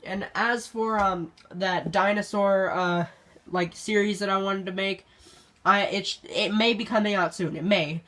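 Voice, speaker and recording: A young YouTube host who says they are sick and congested, giving a casual channel update vlog in a rambling, halting way full of ums and restarts. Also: medium pitch, steady tone, bright, forceful tone.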